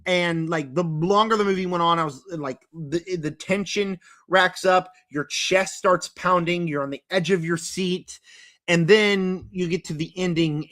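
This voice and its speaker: Chatty young man, bright rambling voice. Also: a little high. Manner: rambling, filler-heavy, emphatic. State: voice cracking, throat-clearing. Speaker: horror movie reviewer. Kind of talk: casual vlog commentary.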